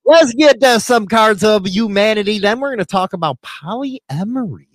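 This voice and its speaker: A man's voice: high voice, expressive, normal speed, faint music behind. A man co-hosting a podcast in casual chat, crude, profane and joking. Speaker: podcast co-host.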